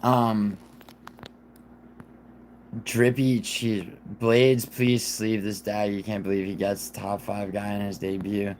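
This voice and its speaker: Male streamer, sick and raspy, casual rambling talk, low voice, light background noise. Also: flat delivery, slow pace, pauses often, darkish tone, low-quality recording. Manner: rambling, profane, restarts often. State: sick, rough voice. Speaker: livestream host. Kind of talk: casual livestream chat.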